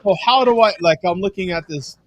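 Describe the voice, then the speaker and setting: A man's voice: high voice, brisk, no echo. A man in casual chat on a video call, asking puzzled questions. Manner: puzzled, questioning, laughs easily.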